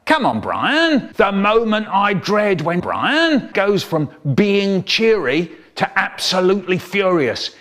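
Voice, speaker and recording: Male storyteller, animated and theatrical, lively pitch swings, comic mashup. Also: takes it slowly, hardly any pauses. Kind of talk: chopped-up comic storytelling performance.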